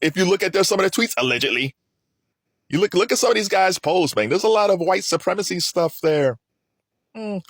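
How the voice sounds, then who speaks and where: A man's voice: high voice, expressive, fairly quick, dry recording, studio quality. A man giving heated solo political commentary, asking rhetorical questions and mocking his opponents.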